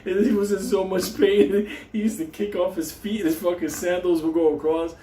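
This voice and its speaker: A man's voice: high-pitched, little pitch movement, moderate pace, warm tone. A man from New York telling a story casually, swearing constantly and laughing through his words. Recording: roomy echo, faint hum.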